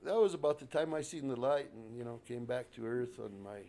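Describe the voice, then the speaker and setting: A man's voice: mid-range voice, brisk, creaky. A man from northern New Mexico telling a personal story to a live audience at a library, acting out the dialogue and chuckling often. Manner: lively, acts out both sides of a dialogue, chuckles often. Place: public library event room.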